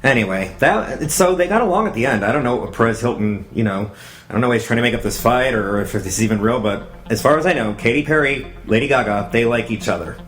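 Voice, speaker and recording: A man's voice: mid-range voice, animated, fast, fairly bright tone, soft background music. A man hosting a podcast, rambling and chatty in a jokey monologue with self-mocking asides. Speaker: podcast host.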